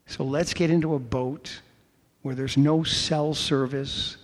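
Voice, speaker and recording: A middle-aged male pastor delivering a sermon, emphatic and measured, with dramatic pauses between phrases. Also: a little high, a little mellow. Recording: long hall reverb.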